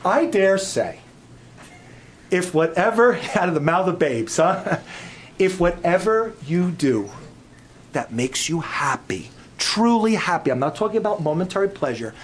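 A middle-aged male pastor preaching with a fairly high voice, rising to loud emphatic peaks and dropping to soft, low asides. He tells stories in a sermon style. A faint hiss of noise sits behind him. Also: sing-song, a little slow.

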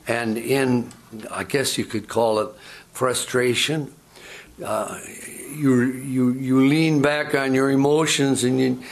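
Older male pastor, halting storytelling sermon. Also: mid-range voice, steady tone. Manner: halting, repeats words, conversational storytelling.

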